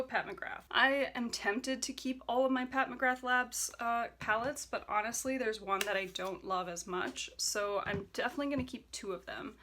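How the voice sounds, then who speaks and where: A young adult woman chatting casually as a beauty vlogger, enthusiastic, with soft whispered asides. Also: mid-range voice. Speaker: beauty YouTuber. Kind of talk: casual decluttering vlog.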